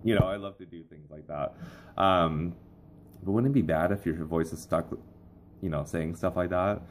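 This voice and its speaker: A man's voice: sits low, moderate pace, a little hiss or hum. A man hosting his own comedy vlog, chatting casually to camera in a rambling, playful way. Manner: rambling, playful, with frequent fillers. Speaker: host of a comedy vlog show.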